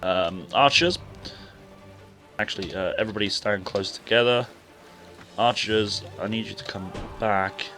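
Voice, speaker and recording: An English man with a sore throat and a fading voice chats casually with his viewers while streaming a game, rambling and talking to chat as he plays over background music. His voice is on the low side and sharp in tone, a little slow, with frequent pauses.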